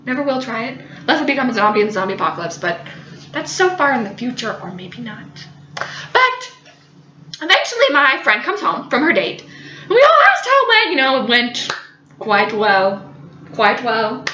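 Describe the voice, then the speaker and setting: A woman's voice: sits high, fairly quick, slight background noise. A young woman telling a funny personal story, giggly and dramatic. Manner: giggly, animated, dramatic retelling. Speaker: vlogger. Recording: echoey room, slightly dull audio.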